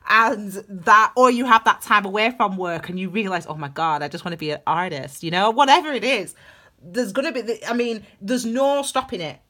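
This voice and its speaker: A woman's voice: mid-range voice, lively intonation, brisk, bright, forceful tone. A woman giving a chatty, gushing tarot reading to her viewers, calling them her darlings. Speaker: tarot reader. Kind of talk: casual tarot reading to camera.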